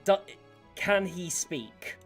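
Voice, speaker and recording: A woman's voice: fairly low pitch, animated, very slow, faint music behind, full character voice. A woman voicing a small, curious mute girl whose signed words she reads out plainly in a tabletop game.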